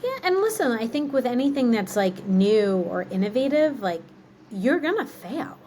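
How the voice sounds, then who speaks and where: A woman's voice: on the high side, big pitch swings, normal speed, dark tone, a little hiss or hum, poor audio. A woman answering interview questions in a candid, reflective way, dropping plenty of "like" and "um" fillers. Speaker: guest, marketing executive.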